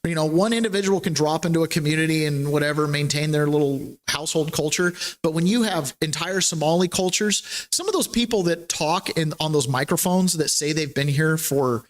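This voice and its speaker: A man's voice: on the high side, a little fast, hardly any pauses. A man hosting a casual political talk podcast, chatty and rambling, laughing between points. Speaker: podcast host.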